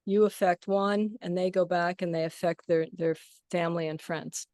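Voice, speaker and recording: A woman's voice: fairly low pitch, fairly even intonation, normal speed, a little mellow, no echo, studio quality. A woman on a video call talking enthusiastically about playing gongs, rambling with many fillers. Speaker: gong practitioner sharing. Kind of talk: casual sharing on a video call.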